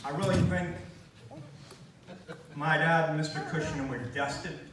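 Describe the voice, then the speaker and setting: Man, middle-aged, memorial speech, halting reminiscing, distant mic, very echoey hall, faint room noise. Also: on the high side, fairly even intonation. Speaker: eulogy speaker. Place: large room at a gathering.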